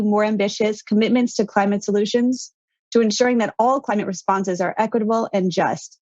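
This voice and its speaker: A woman's voice: medium pitch, darkish tone, no echo. A woman moderator giving a formal, scripted handover to the next speakers. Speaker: event moderator. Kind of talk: scripted presenting. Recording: dull dry lo-fi audio.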